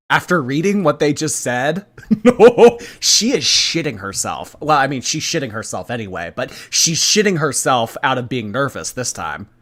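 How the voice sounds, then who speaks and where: A man hosts a sarcastic reaction commentary with laughing asides. His pitch swings widely between low mutters and high exclamations. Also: a bit bright. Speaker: commentary host.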